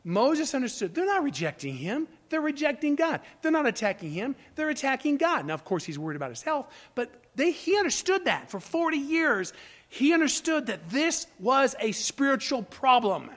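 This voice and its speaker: A man's voice: very high-pitched, very animated, normal speed, a bit bright. A male pastor preaching a sermon, reading scripture aloud, then explaining it with rhetorical questions and rising emphasis.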